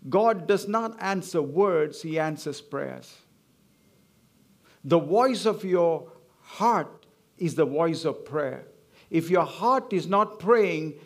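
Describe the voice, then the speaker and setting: A man preaching a sermon, emphatic and repetitive, drawing call-and-response from the congregation. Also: sits high.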